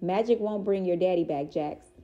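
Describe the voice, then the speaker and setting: A woman's voice: fairly low pitch, normal speed, highs cut off, natural voice. A woman voicing a protective, worried mother who speaks with strong emotion. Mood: tender.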